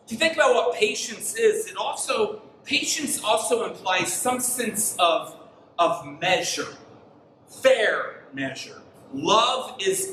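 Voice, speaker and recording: Male pastor, thirties, high and bright, animated storyteller; roomy hall, mic a bit far off. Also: slight background noise. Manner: storytelling with acted-out dialogue, sudden shouted outbursts. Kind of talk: sermon. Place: church hall.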